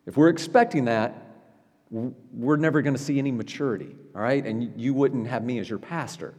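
A man preaching as a pastor in a church, talking in a conversational way with frequent "right?" asides and quick restarts. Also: medium pitch, a little mellow, long reverb tail. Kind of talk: sermon. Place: church sanctuary.

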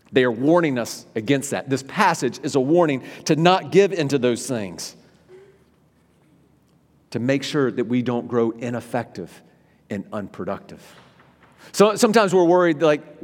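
A male pastor delivers a sermon in an animated way, his voice climbing and falling to stress his points. His voice carries through a large room with a long, lingering reverb. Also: medium pitch. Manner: animated, voice rising and dropping for emphasis. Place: church sanctuary.

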